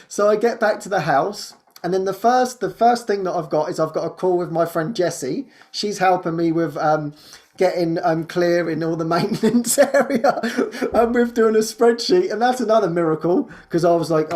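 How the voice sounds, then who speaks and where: A man's voice: fairly high pitch, moderate pace, a little mellow. A man sharing personal spiritual experiences in conversation, earnest and laughing often, repeating words as he searches for them and acting out his own thoughts. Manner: storytelling, acts out his own inner voice.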